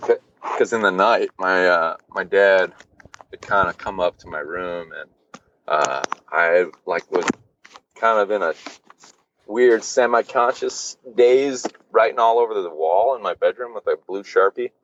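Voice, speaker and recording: A man's voice: deep voice, measured pace, fairly bright tone, dull audio, slight background noise. A man guesting on a podcast, telling a personal story casually, with lots of fillers and swearing. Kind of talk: candid storytelling.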